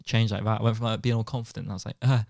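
A man's voice: on the low side, steady tone, racing, gravelly, a little mellow, no echo, clean studio sound. A young man, co-hosting a podcast and telling a rambling anecdote, acting out quotes between laughs. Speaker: podcast co-host. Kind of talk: casual storytelling chat.

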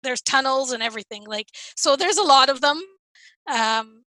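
A woman's voice: high-pitched, normal speed, bright, forceful tone, no room sound. A woman co-hosting a podcast, chatting casually and rambling with many restarts. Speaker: podcast co-host. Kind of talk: casual chat.

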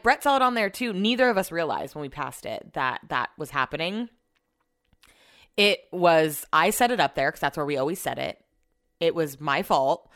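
Woman with a low voice, young adult, casual podcast chat, rambling, keeps clearing her throat. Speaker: podcast host. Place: home with renovation noise nearby.

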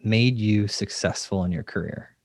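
A man's voice: lowish voice, normal speed, darkish tone, dry recording, clean studio sound. A man hosting an interview, friendly and joking, with rambling questions. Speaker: interviewer, host. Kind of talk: casual interview.

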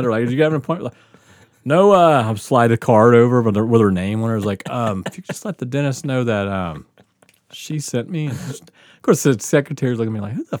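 A man hosting a comedy podcast, telling a story in a casual, animated way, swearing freely and laughing as he goes. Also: medium pitch, no room sound, studio quality. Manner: animated, profane, laughing through his story.

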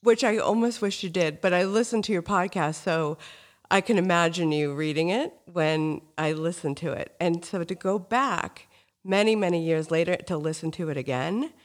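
A woman's voice: lowish voice, moderate pace. A woman hosting a podcast interview, gushing and telling a personal story with feeling. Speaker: podcast host. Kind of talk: casual interview talk.

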